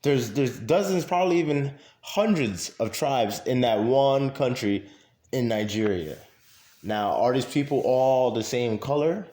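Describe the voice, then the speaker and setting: A man's voice: mid-range voice, measured pace, warm tone. A man in a casual monologue to camera, talking emphatically with many fillers and repeating his points. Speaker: vlogger. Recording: echoey room.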